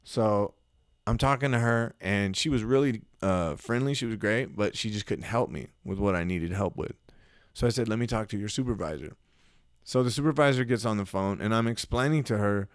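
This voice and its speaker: Smooth-voiced man telling a story. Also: fairly low pitch, moderate pace, dry recording, clean studio sound. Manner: animated, swearing, acts out phone calls. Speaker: podcast co-host. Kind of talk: casual chat, storytelling.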